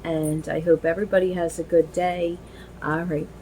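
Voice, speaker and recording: Middle-aged lady rambling on in a home vlog, kinda low voice, says like and you know a lot, little bit of background hiss. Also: little pitch movement, normal speed, dark tone, rough recording. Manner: rambling, chatty, many fillers and restarts. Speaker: vlogger. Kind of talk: casual chat while dressing a doll.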